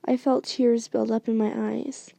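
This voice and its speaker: A young woman doing a whispered story reading in a hushed, halting way. Her voice is gravelly and dark, paced slowly, and it sounds close and dry. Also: fairly high pitch, level tone, no room sound. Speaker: story reader.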